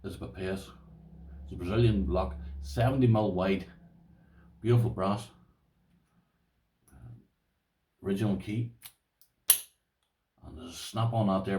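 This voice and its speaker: A man's voice: deep voice, roomy sound, far from the mic, background noise. An Irish man with a rambling, chatty manner, showing his lock collection to viewers and calling them "boys". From Ireland. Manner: rambling, talks to viewers as "boys", uses "this here". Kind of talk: casual show-and-tell to camera.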